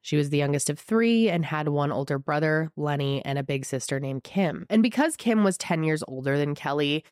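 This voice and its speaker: A young woman with a head cold hosts a true crime show, her low voice scratchy and congested. She tells the case with emphatic, chatty asides and a fired-up indignation. The sound is close and dry. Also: animated, moderate pace, few pauses, darkish tone, no room sound. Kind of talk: true crime storytelling to camera.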